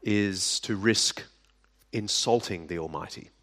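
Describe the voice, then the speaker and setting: A man with a lowish voice preaches a sermon at an unhurried, measured pace. He leans into dramatic pauses and lets his voice fall quiet for effect. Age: adult. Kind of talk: sermon to a live audience.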